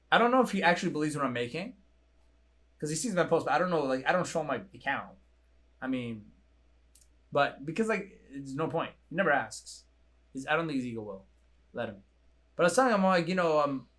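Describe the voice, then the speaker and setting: A young man hosting a coaching show, talking in a blunt, profane, animated way. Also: fairly high pitch. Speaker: coaching podcast host. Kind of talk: casual chat.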